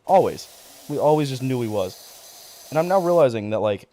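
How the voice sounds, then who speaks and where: A man's voice: medium pitch, normal speed. A young man chatting casually on a livestream, rambling, cursing freely and getting worked up as he talks. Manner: rambling, profane, excitable. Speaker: streamer.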